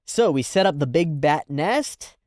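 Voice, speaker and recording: A man hosting a casual anime reaction, thinking aloud with fillers, laughing often and breaking into loud, high-pitched exclamations. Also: animated, a little slow, dry recording, studio quality.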